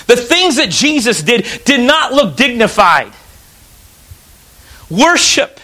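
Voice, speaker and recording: Emphatic high-voiced male preacher. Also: sharp tone, low-quality recording. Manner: emphatic preaching, reads scripture aloud, frequent restarts. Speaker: pastor. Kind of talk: sermon.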